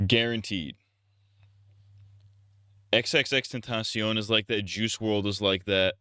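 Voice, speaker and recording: A man's voice: on the low side, fairly even intonation, measured pace, bright, forceful tone, smooth, no room sound, clean studio sound. A man streaming live, ranting casually in a profane, rambling, blunt way.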